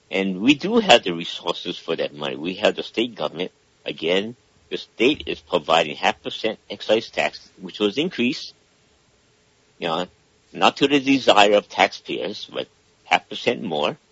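A man with a very deep, husky voice calls in to a radio show and lays out his point at length. He keeps pausing to check in with "okay?", and the line sounds dry and dull. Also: a bit bright, no echo. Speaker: caller. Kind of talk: casual call-in talk.

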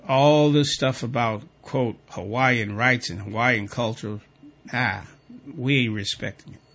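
A man's voice: medium pitch, muffled recording. Man reading rules, adding indignant asides. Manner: reads text flatly, then breaks off into pointed, indignant asides. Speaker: commentator reading and reacting to guidelines. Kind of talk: reading a document aloud and commenting.

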